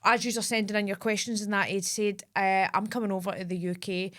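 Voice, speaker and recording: A woman's voice: mid-range voice, steady tone, brisk, fairly bright tone. A Scottish woman co-hosting a podcast, chatting casually and steadily steering the conversation. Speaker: podcast co-host. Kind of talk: casual chat.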